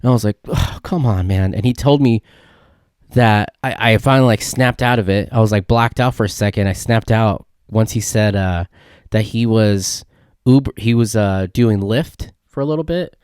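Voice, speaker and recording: A young man from California, hosting a casual solo podcast and telling a rambling, excitable story full of "dude" and "like". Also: fairly low pitch, normal speed, clear, resonant tone, no echo, clean studio sound. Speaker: podcast host.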